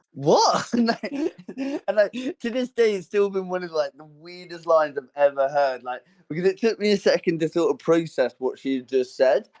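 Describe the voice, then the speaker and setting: Rambling young man telling a story. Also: darkish tone. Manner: rambling storyteller, many fillers and restarts, acts out quotes in a higher voice. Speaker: podcast co-host. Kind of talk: casual chat.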